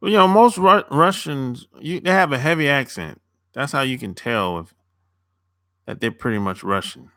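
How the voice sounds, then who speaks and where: A young man on a live stream answers viewers as a dating coach, chatting loosely, rambling, repeating himself, and swearing casually. His medium-pitched voice is expressive, pushed, and bright at a moderate pace, in a dry, studio-quality recording.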